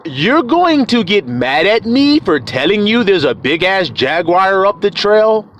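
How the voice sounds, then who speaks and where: A man giving a fiery, profane scripture rant in coarse street slang, shouting at times and dropping low at others. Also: a little hiss or hum. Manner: shouting, preachy, swings loud and soft. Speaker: self-styled preacher.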